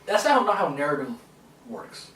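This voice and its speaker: Animated young man, laughing and ranting. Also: a little high, moderate pace, a little hiss or hum. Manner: animated, laughing, swearing, acts out quotes. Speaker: podcast co-host. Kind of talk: casual movie discussion. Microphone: camera mic. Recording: roomy, distant camera mic.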